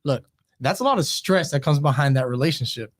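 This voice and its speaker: Fast-talking man making his case. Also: a little high, lively intonation. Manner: fast, insistent arguing. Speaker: podcast co-host. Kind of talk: casual chat. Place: podcast studio.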